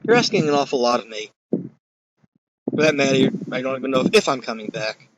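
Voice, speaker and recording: A worried, doubtful man presses God with earnest, pleading questions, as a lecturer acts him out. The voice is plain and mid-pitched, with a lively, insistent push behind it. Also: moderate pace, lo-fi sound, very noisy, natural voice.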